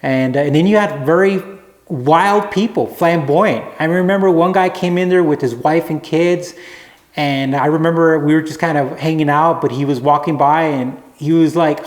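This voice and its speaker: A man telling a rambling, relaxed anecdote to camera as a vlogger. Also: a little high, normal speed, roomy sound. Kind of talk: casual storytelling to camera.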